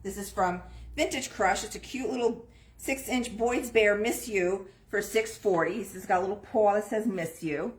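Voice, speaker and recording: A woman's voice: medium pitch, moderate pace. A woman hosting a live online sale from an antique shop, chatting her way through items and prices. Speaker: antique shop host selling on a live stream. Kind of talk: live online sales pitch. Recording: roomy echo.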